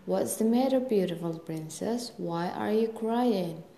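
Woman doing a talking frog, small, lonely, pleading, raised voice, mellow tone. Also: medium pitch, measured pace, creaky. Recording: echoey room with faint ambience.

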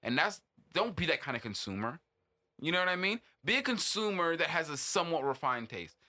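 A man's voice: a little high, sing-song, fairly quick, bright, forceful tone. A man co-hosting a casual podcast discussion, emphatic and swearing freely as he lectures. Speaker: podcast co-host.

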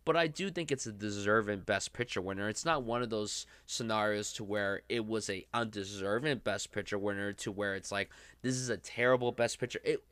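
A man's voice: fairly low pitch, fairly quick, few pauses, fairly bright tone, clean tone, no echo. A man hosting a casual film podcast, talking enthusiastically in loose, rambling sentences. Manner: enthusiastic, talks in loose run-on sentences with fillers. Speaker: podcast host.

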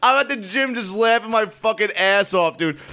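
A young man co-hosts a podcast in loose, crude banter, swearing freely and laughing through his own stories. His voice sits a little high for a man. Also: animated, normal speed, pushed and bright, clean tone. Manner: profane, laughing storyteller. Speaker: podcast co-host. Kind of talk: casual crude chat.

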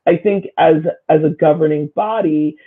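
A woman's voice: low voice, moderate pace. A woman guest talking through community issues in a thoughtful, searching way, with plenty of fillers and restarts. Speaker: guest, local official and school staff. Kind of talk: casual conversation. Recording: phone-line quality.

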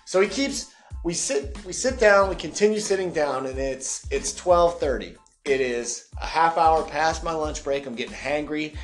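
A man's voice: fairly high pitch, moderate pace, soft background music. A man co-hosting a podcast, telling a long workplace story in casual chat and often acting out the people in it. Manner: animated storyteller who mimics customers in raised voices. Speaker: podcast co-host.

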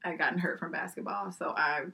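A woman telling a personal story in casual conversation, lively and laughing often, acting out what people said. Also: fairly low pitch, brisk, creaky. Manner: lively, laughs often, acts out quoted dialogue.

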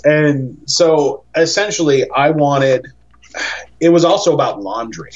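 A man, a podcast guest, telling stories in a rambling, animated chat and acting out the voices of people he quotes. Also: a little high, slow pace, dull audio. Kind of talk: casual storytelling chat.

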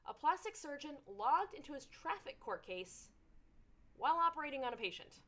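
A young woman hosting a scripted commentary show, talking in an animated, sarcastic way. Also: high voice, normal speed. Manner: animated, sarcastic, puts on silly voices for jokes. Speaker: host.

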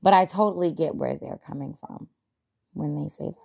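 Low, gravelly-voiced woman musing aloud. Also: normal speed, darkish tone. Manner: chatty, laughs often, self-deprecating. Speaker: podcast host. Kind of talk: casual reflective monologue.

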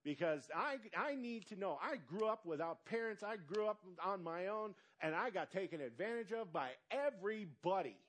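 A male pastor preaching a sermon, asking the congregation quick questions and stretching out words for emphasis. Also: sits high. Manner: animated preaching with call-and-response questions to the congregation.

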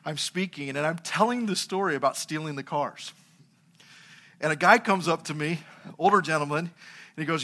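A middle-aged pastor delivers a sermon with a forceful, bright tone and a fairly high pitch for a man. He preaches through funny, personal anecdotes. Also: sing-song, takes it slowly, pauses often. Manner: anecdotal, humorous storytelling.

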